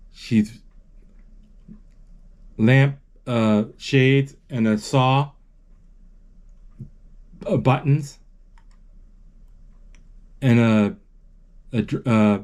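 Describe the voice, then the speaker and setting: A man casually retelling a film as he watches it, halting often with restarts and fillers. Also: mid-range voice, darkish tone. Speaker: amateur narrator retelling a film.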